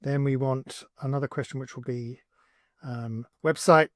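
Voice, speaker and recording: A man hosting a software tutorial, talking casually and thinking aloud with fillers as he builds something on screen. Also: medium pitch, steady tone, moderate pace, dry recording, studio quality. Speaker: tutorial host, agency owner.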